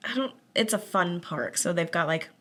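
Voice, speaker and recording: A young woman co-hosting a casual podcast, self-deprecating and quick to cackle. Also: on the low side, animated, fairly bright tone. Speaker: podcast co-host. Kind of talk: casual chat.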